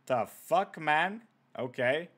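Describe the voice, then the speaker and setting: A young gaming streamer plays a horror game, cracking crude, profane jokes and reading on-screen messages aloud in let's-play commentary. His voice is fairly high, animated, and a bit bright, with a breathy edge and a slow pace.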